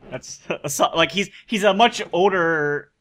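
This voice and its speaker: A man chatting as a player in an online tabletop game, excitable and rambling as he goes off on tangents. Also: on the high side, unhurried. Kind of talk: casual tabletop game chat. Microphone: remote call mic.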